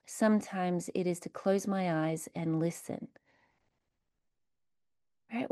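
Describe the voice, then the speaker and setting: A woman leading a guided meditation within a recovery talk, speaking slowly and soothingly with repeated phrases. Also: fairly low pitch, fairly even intonation, mellow, no room sound, clean studio sound. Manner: slow, soothing, repetitive phrasing.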